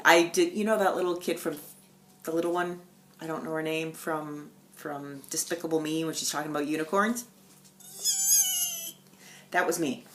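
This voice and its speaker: A woman with a notably low voice chats at home about her stitching projects. She tells her stories with animated swings, jumping from loud bursts to hushed, near-whispered asides. The talk is casual and chatty. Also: normal speed, pauses often, a little hiss or hum. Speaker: stitching vlogger. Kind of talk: casual chat.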